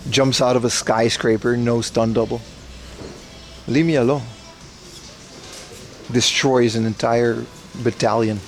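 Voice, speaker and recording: A man's voice: mid-range voice, flat delivery, normal speed. A man streaming live while browsing a secondhand electronics shop indoors, rambling and cracking jokes to his chat on a mobile rig. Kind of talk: casual IRL livestream commentary.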